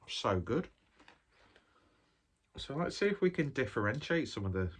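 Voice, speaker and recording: In this casual food review vlog, a man with a medium-pitched, slightly rough voice talks in a very animated but unhurried way, pausing often. He eats a pizza and reviews it, drifting through one tangent after another.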